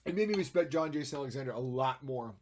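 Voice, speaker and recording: A man's voice: mid-range voice, expressive, quick pace, a little hiss or hum. Chatty man thinking aloud on stream. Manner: chatty, thinks aloud while working, jumps between loud and quiet; playful, makes silly sound effects. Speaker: streamer editing photos. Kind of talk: casual live-stream commentary.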